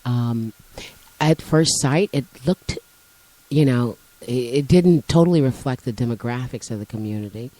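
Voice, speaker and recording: A woman's voice: extremely low pitch, moderate pace, dark tone, no room sound, rough recording. A woman co-hosting a casual chat, teasing her partner and lecturing him on words and definitions. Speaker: co-host.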